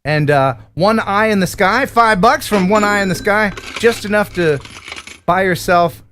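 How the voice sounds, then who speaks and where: A man's voice: high-pitched, a little slow, a little hiss or hum. A man in his fifties hosting a live drone stream, joking and reading out viewer donations. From United States. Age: 50s. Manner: jokey, animated, reads out viewer donations.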